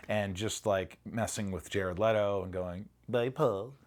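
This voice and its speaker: A man's voice: low voice, flat delivery, unhurried. A middle-aged man, an actor in a casual interview, telling stories animatedly, swearing freely and acting out lines.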